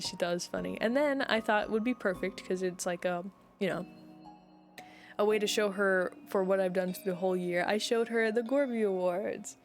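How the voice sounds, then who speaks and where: A young woman streamer chatting casually with her viewers, talking in a rambling, heartfelt way. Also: fairly low pitch.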